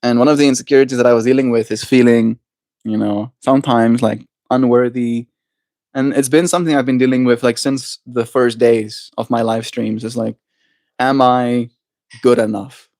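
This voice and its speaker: A man streaming live, chatting casually and earnestly with viewers, and slowing down to read spiritual cards aloud. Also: medium pitch, steady tone, darkish tone, no room sound, clean studio sound. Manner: slows into deliberate reading aloud. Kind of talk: casual livestream chat with oracle card reading.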